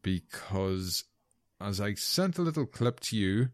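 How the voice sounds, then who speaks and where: A man's voice: fairly low pitch, slow pace, no room sound. Teasing man, dry close sound. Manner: teasing, sweary banter, deadpan jabs. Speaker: podcast co-host. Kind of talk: casual chat.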